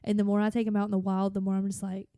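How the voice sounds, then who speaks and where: A young woman, co-hosting a podcast in casual chat and telling stories in a lively way. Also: medium pitch, rapid-fire, smooth, no echo, studio quality. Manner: chatty, animated storytelling with run-on asides. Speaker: podcast co-host.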